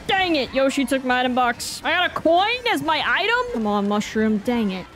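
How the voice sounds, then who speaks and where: A woman giving casual live gameplay commentary, excitable and self-mocking, with slang and mild swearing. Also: high-pitched, normal speed, soft background music. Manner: excitable, groans and cheers at every turn. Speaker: gaming video creator.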